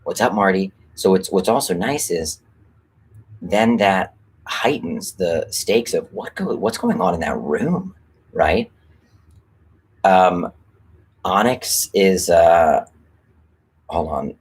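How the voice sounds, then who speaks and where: Man, deep low voice, a bit husky, casual livestream chat, rambling, lots of ums, swears casually. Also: animated, slow, long pauses, a little mellow. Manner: rambling and candid, with frequent fillers and casual swearing. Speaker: screenwriter hosting a live stream.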